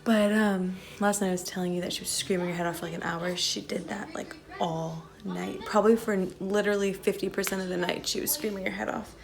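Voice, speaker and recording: Young woman, worn-out mother, casual vlog chatter, mid pitch, lots of vocal fry. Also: steady tone, a little fast, few pauses, soft background music. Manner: tired, chatty, sighing, many "like"s. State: exhausted. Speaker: family vlogger, mother. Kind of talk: casual home vlog talk. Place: messy family home, indoors. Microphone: phone held while filming.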